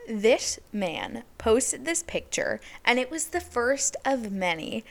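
A woman's voice: a little high, very animated, takes it slowly, vocal fry. A young adult woman hosting a podcast, telling a personal story in a candid, casual way with lots of "like". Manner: candid, chatty, heavy use of "like". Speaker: podcast host.

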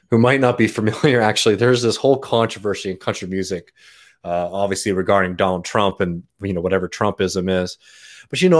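Low-voiced man telling a rambling story. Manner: rambling storytelling with frequent fillers and laughs. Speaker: podcast guest. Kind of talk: casual chat.

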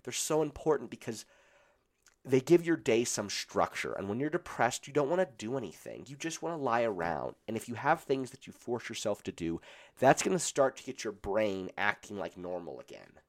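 A man hosting a solo podcast, his voice roughened by a cold, talking in an earnest, blunt and encouraging way. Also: mid-range voice, sing-song, moderate pace. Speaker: podcast host.

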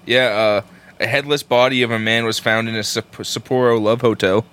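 A man's voice: medium pitch, fairly even intonation, moderate pace, a bit bright, smooth. A man co-hosting a casual podcast, jokey and profane as he tells stories and reads news. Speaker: podcast co-host. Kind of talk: casual chat.

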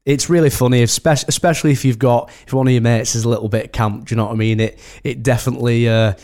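A man's voice: mid-range voice, steady tone, rapid-fire, a little mellow. A man from the UK, a wedding host, chatting casually as a podcast guest in a rambling way full of restarts. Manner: rambling, many restarts and "do you know what I mean".

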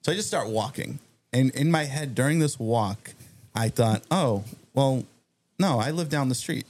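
A man telling a long, animated story on a podcast, acting out the other people in it. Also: medium pitch, moderate pace. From Massachusetts. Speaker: guest storyteller. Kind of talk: casual anecdote on a podcast.

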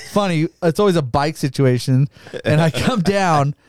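A man co-hosting a podcast, telling a rowdy story in casual chat, swearing a lot, laughing often and acting out his own quoted lines in a higher voice. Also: measured pace, no echo, studio quality. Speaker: podcast co-host.

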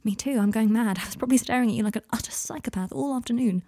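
A woman voicing a warm, giddy young man in love in a storybook reading. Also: a little high, racing, dry recording, studio quality, lightly acted.

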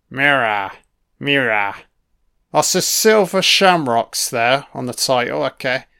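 A man's voice: a little high, a bit bright, clean tone. A man giving a casual, sweary and sarcastic commentary on a film.

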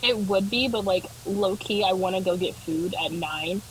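A woman's voice: mid-range voice, normal speed, very noisy. A young woman co-hosting a podcast in casual chat, telling rambling stories with many fillers. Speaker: podcast co-host.

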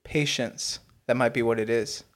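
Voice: medium pitch, steady tone, normal speed. A podcast co-host chatting casually in a blunt, joking way with plenty of swearing. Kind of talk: casual chat.

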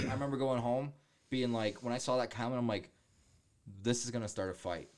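A man telling animated stories in casual chat, mimicking voices in quotes and swearing often. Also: fairly low pitch, fast talker.

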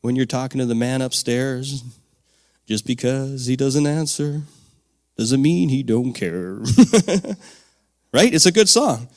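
A man preaching a sermon to men in a conversational way, swinging from quiet reflection to loud, energetic shouts. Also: mid-range voice, slow, long pauses. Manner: dynamic, swings from soft to shouting; conversational, with fillers and "come on".

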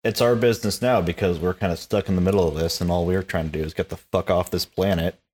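Low-voiced guy playing in a tabletop game, casual. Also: fairly even intonation, fast talker, darkish tone, slight background noise. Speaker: player.

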